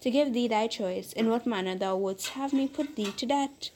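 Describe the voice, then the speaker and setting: A woman's voice: on the high side, normal speed, a little mellow, a little hiss or hum, close to an everyday voice. A woman voicing a fierce, vengeful male genie who speaks in stern, archaic formal language in a storybook reading.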